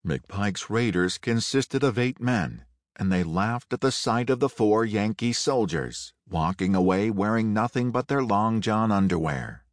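A man narrating a Western audiobook in a measured, unhurried storytelling manner. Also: lowish voice, animated, no room sound. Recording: dry close studio read.

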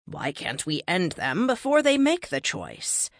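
An ageless cosmic being, impatient and pressing, fires off urgent questions in a slow, lively voice, as a woman reads it out. The sound is close and dry. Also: fairly low pitch, no room sound, heavily acted. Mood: questioning. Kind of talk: audiobook character reading.

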